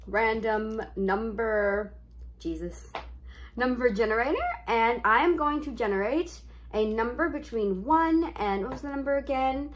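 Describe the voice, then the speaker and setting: A woman's voice: on the high side, fairly bright tone. A young woman chatting casually over her gameplay as a vlogger, rambling with lots of filler words. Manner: chatty, rambling, heavy use of "like". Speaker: gaming YouTuber.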